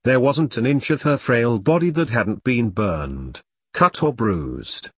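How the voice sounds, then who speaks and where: Brief: husky male narrator, expressive lively pitch, dry close sound. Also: takes it slowly, no echo. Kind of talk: audiobook narration.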